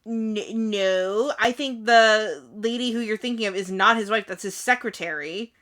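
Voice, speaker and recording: A woman co-hosting a podcast, talking frankly and casually with quick asides and swearing. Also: mid-range voice, fairly bright tone. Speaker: podcast co-host. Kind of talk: casual chat.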